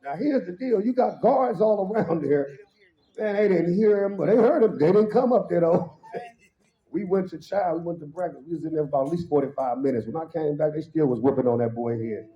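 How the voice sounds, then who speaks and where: A man giving a humorous storytelling testimony at a church service, acting out voices and laughing along with his own punchlines. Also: fairly quick. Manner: animated, acts out quoted voices with sudden high pitch jumps. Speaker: guest speaker at a worship service. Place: church hall. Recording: roomy, slightly dull hall sound.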